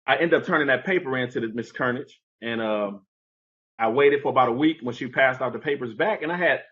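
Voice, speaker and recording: A man telling a personal story as an interview guest, animated and conversational, acting out the people in it. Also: medium pitch, fairly quick, highs cut off.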